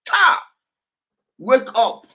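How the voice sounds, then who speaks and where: A man's voice: drawn-out words, sharp tone. A man hosting a show, reacting to clips with emphatic, repetitive commentary and frequent laughter. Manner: emphatic, repeats key words, laughs often. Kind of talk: animated commentary over clips.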